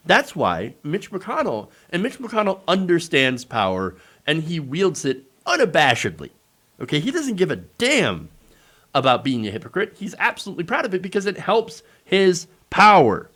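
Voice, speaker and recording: A man's voice: a little high, huge pitch swings, normal speed, sharp tone, slightly rough. A man hosting a casual political commentary show, talking in a sarcastic, mocking way.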